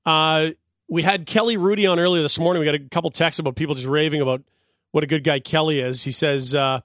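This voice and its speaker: A man hosting sports talk radio from a studio mic, joking and animated. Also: fairly high pitch, fast talker, dry recording. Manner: joking, animated, laughs often. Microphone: studio microphone.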